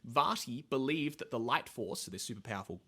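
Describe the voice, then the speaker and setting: A man talks through fantasy game history in a loose, rambling way, full of fillers and restarts. He swears casually and adds his own jokes as he goes. His voice sits at an ordinary, mid pitch. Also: expressive, fairly quick, pushed and bright, husky. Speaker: podcast host, lore explainer. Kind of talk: casual chat, explaining lore.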